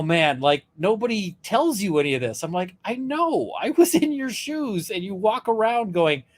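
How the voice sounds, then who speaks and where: Chatty lawyer man telling a story. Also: sits high. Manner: animated retelling with quoted voices, many fillers. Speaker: lawyer, podcast co-host. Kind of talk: casual chat, storytelling.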